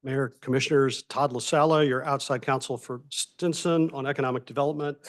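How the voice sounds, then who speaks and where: A man serving as outside legal counsel, briefing officials in a brisk, businesslike way. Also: medium pitch, steady tone. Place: government meeting chamber.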